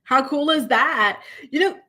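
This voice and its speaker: A woman's voice: sits high, a little slow, sharp tone. A woman hosting a casual gossip show, recapping reality TV in a blunt, sassy, chatty way and talking straight to her viewers. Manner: talks straight to live chat viewers. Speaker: celebrity gossip host.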